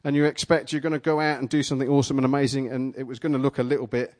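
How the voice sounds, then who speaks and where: A man preaching a sermon, retelling a vision in the first person, dramatic at first and then playful and energetic with volunteers in front of a live congregation. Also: medium pitch, racing. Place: church gathering with a live audience.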